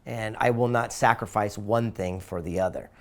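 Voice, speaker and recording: A man's voice: on the low side, fairly even intonation, moderate pace. A middle-aged man from the United States, a guest in an interview, telling stories with enthusiasm and acting out voices as he goes. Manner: enthusiastic, acts out voices in anecdotes. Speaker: interview guest, author and speaker. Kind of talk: animated storytelling in an interview.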